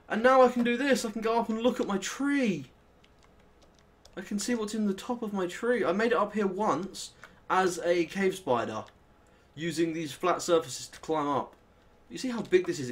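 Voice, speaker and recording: Chatty, sweary British young man gaming. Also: fairly high pitch. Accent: British English. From Britain. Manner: chatty, sweary, excitable outbursts. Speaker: gaming channel host. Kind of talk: casual Let's Play commentary.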